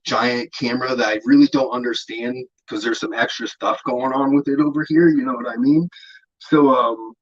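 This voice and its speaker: Man, interview guest, casual storytelling, profane, rambling, mid pitch, muffled audio. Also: breathy edge. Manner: laid-back, profane, rambling with many fillers.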